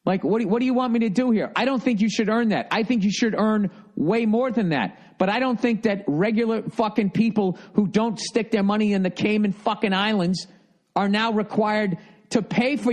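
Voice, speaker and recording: A man's voice: high-pitched, moderate pace, darkish tone. A man in his fifties with a Boston accent, ranting profanely and with exasperation as a podcast host reading listener mail.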